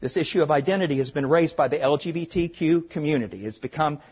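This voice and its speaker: An older man with a Southern accent, from Arkansas, preaching a sermon, stressing points loudly and then dropping to hushed asides. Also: on the high side, fast, slightly rough, dull audio. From Arkansas, USA. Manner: emphatic, swings between loud stresses and hushed asides.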